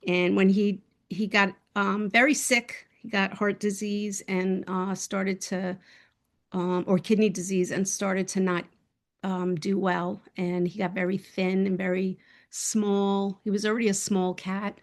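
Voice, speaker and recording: A woman's voice: mid-range voice, flat delivery, a little slow. A woman telling a personal story as a guest speaker in a casual, heartfelt way, rambling with many fillers and restarts, over a video call.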